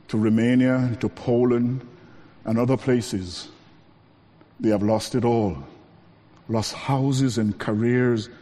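A man preaching a sermon, rising to emphatic lines and dropping to quiet ones, slowing to stress key words. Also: long reverb tail. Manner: preaching with wide swings between raised emphatic lines and low quiet ones; slows down to stress key phrases.

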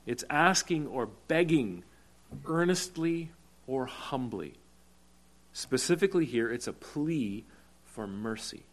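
A male preacher delivering a sermon at an unhurried, deliberate pace. His voice sits at an ordinary middle pitch, and he leans hard on key words for emphasis. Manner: deliberate, slowing for emphasis, rising to urgent cries. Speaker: pastor.

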